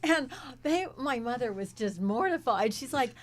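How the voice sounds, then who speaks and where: A woman's voice: fairly high pitch, expressive, moderate pace. A woman in her seventies, a guest in an interview, telling chatty stories and laughing often between her words. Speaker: guest, former child actress. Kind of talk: casual interview storytelling.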